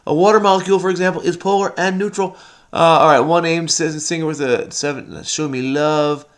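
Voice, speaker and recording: A man's voice: on the high side, steady tone, brisk. A man thinking aloud as he solves a crossword, frenetic and muttering to himself, often breaking into bits of song. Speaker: crossword solving video host. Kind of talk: thinking aloud while solving, casual.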